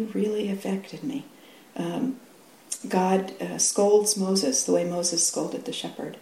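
A middle-aged woman giving a dharma talk, halting often with restarts and fillers and laughing easily. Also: medium pitch, steady tone, vocal fry, dark tone. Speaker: dharma teacher. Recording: echoey room with faint hum.

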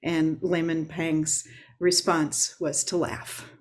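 A woman's voice: low-pitched, level tone. Reflective woman giving a dharma talk. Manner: unhurried and reflective, with frequent filler pauses. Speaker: Zen teacher.

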